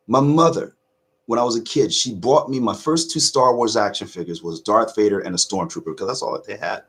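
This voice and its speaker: A middle-aged man hosting a casual reaction video, choked up with emotion, talking earnestly in halting restarts. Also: on the low side, a bit bright, slightly rough. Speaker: YouTube reaction host.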